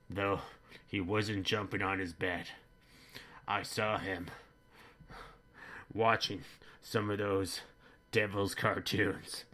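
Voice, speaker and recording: A boorish, bigoted middle-aged dad, played by a man rambles crudely through a comedic monologue. His voice sits a little low but rings bright and forceful. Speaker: comedy vlogger in character.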